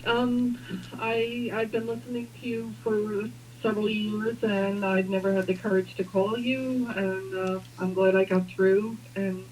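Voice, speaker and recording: A woman calling in to a radio show, quiet and nervous as she asks for a reading. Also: medium pitch, level tone, unhurried, a little hiss or hum, poor audio. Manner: quiet, nervous and soft-spoken. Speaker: caller.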